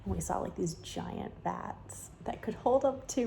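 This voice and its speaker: A woman's voice: high voice, expressive, brisk, gravelly, dark tone, reverberant, slight background noise, low-quality recording. A young woman vlogging casually at a winery tasting, chatty and gushing with lots of "like"s. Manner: bubbly, gushing, chatty with many "like"s. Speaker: travel vlogger. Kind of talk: casual vlog chat.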